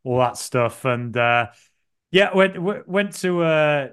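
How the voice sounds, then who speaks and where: A man chatting on a football podcast, his voice a touch high and notably smooth and clear. He rambles through stories with plenty of fillers and a self-deprecating streak. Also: animated, slow pace, fairly bright tone. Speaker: podcast co-host. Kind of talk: casual podcast chat.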